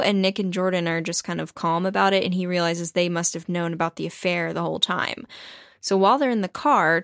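A woman with a medium-pitched voice hosts a book club chat and walks through a novel's plot with animated, storytelling energy. She laughs often as she talks, and her voice sounds close and dry, with no room echo at all. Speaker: book club podcast host.

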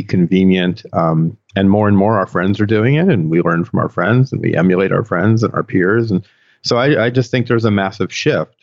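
Podcast guest, man in his sixties, low voice, dry dull recording, thoughtful and meandering. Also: darkish tone, no echo. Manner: thoughtful, rambling explanations with restarts. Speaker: podcast guest, industry executive. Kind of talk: podcast interview.

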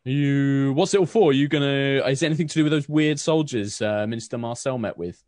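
A man's voice: mid-range voice, quick pace, darkish tone, no room sound, studio quality, voice pushed up, lightly acted. A man voicing a blunt, cheeky young baker's son in a tabletop game.

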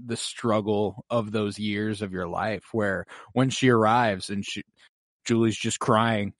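A man co-hosting a casual movie-discussion podcast, loose and profane, quick to react. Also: on the low side, fairly even intonation, no room sound, clean studio sound. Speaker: podcast co-host.

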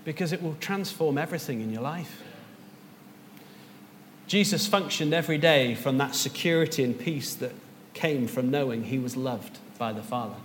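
A man's voice: medium pitch, animated, normal speed, big-room sound, a little hiss or hum. A man preaching a sermon as pastor, earnest and rising to emphatic peaks.

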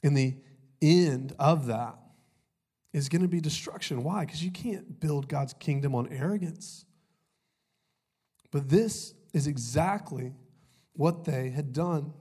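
A young pastor preaches in a loose, conversational way, throwing in "y'all" and small jokes. His voice is slightly rough from a cold, and he speaks into a stage mic. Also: a little high, slow, long pauses, mellow. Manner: conversational, jokey, says "y'all" often. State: recovering from a cold, voice a little off. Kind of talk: sermon.

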